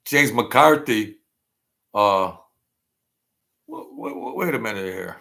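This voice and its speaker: A man's voice: on the low side, expressive, slow, creaky, a bit bright. A man hosting a casual livestream, rambling and thanking viewers by name as he reads their comments. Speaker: channel host.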